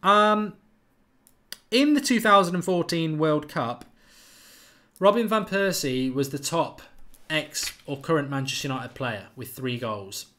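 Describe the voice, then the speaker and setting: A man hosting a live football quiz stream, chatting casually and quickly reading out viewers' names and answers. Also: on the high side, expressive, sharp tone. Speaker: football channel host running a live quiz.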